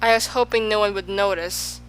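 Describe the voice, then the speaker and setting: A woman's voice: mid-range voice, steady tone, normal speed, a bit bright, smooth, lightly acted, rough recording. A woman voicing a grand but gloomy king in an audiobook, who gives royal commands and sighs over his troubles. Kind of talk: audiobook character voice.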